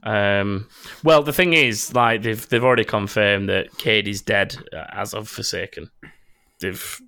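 A man's voice: fairly low pitch, unhurried, gravelly, pushed and bright, dry recording. A man hosting a casual gaming news chat, rambling with many ums and restarts. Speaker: podcast host.

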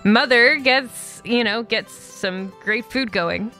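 A woman's voice: fairly high pitch, takes it slowly, sharp tone, soft background music. Woman doing a polite knife-sharpener man. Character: kindly male knife sharpener at a stall.

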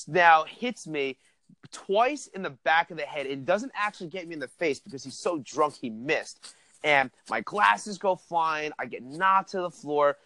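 A young man telling a wild story in casual chat, animated and profane, laughing as he goes. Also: a little high, dry recording. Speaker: podcast host telling a story.

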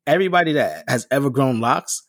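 A man's voice: mid-range voice, animated, fairly quick, fairly bright tone, dry recording, clean studio sound. A man in a casual podcast chat, insistent and defensive.

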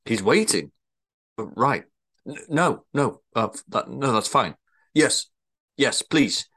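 A man's voice: mid-range voice, lively intonation, slow, fairly bright tone, exaggerated voice. A man playing a stammering English manager. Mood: flustered. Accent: English, drifting northern and southern. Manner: stammering, apologetic. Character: flustered middle-aged male hotel manager. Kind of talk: comedy table read.

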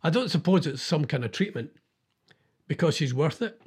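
A man's voice: a little high, animated, moderate pace, darkish tone, husky. A man hosting a casual chat about news stories, rambling and thinking aloud as he goes.

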